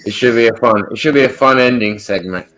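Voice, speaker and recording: A man's voice: mid-range voice, quick pace, a bit bright. A man hosting a casual livestream over a video call, joking and laughing often while he restarts his phrases. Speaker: podcast host.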